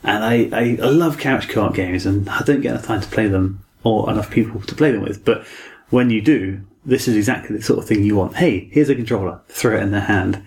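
A man's voice: fairly low pitch, brisk, hardly any pauses, a little mellow. A man co-hosting a casual game review chat, easygoing and thoughtful. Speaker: game podcast co-host.

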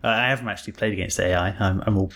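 A man with a fairly low, gravelly voice chats casually as a podcast co-host. He is easygoing and laughs readily, with hesitant fillers. His words come with an audible vocal fry. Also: fairly even intonation, very fast, a bit bright. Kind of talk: casual chat.

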